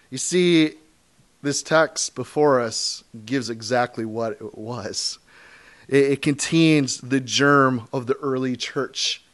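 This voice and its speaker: Conversational male pastor preaching. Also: medium pitch. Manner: conversational, animated preaching with laughs and asides. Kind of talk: sermon.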